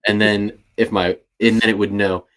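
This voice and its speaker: A man's voice: lowish voice, level tone, moderate pace, a bit bright. A man co-hosting a podcast, chatting casually and thinking aloud with frequent restarts. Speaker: podcast co-host. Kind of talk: casual chat.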